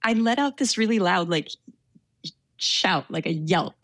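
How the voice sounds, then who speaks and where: A woman's voice: fairly low pitch, lively intonation, unhurried, fairly bright tone, dry recording. A woman recounting a personal story in a casual interview, hesitant and self-deprecating, with frequent fillers and small laughs.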